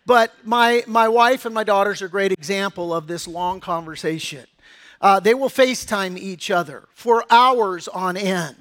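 A man's voice: high-pitched, normal speed, a bit bright. A middle-aged pastor preaching a sermon in a conversational, story-telling way, acting out quotes from his family.

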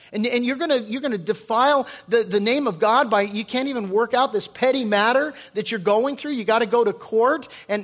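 A man preaching an expository sermon as pastor, reading scripture slowly and breaking into casual, animated explanations. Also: high voice, in a large hall.

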